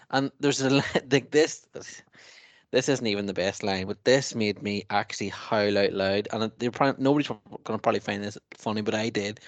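A man's voice: mid-range voice, dry recording. A man co-hosting a casual podcast chat, laughing often and mocking what he reads aloud. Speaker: podcast co-host.

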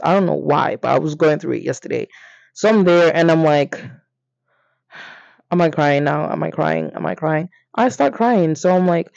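A young man, casually telling a story on his podcast, animated and playful, jumping up in pitch for emphasis. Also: creaky, no echo. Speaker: podcast host. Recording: dry, slightly dull lo-fi.

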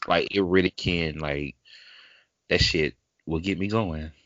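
A man's voice: low-pitched, steady tone, a little slow, a bit bright, no room sound, dull audio. A man co-hosting a podcast, talking bluntly in casual chat full of slang.

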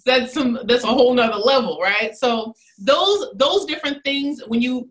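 A woman who coaches women in body language and communication, talking in a casual interview with emphatic, animated delivery and frequent laughter. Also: medium pitch.

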